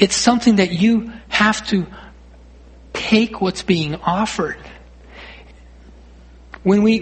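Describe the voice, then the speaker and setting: A man's voice: sits high, slightly rough. A man preaching a sermon as pastor, earnest, often repeating himself and rising to emphatic calls. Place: church.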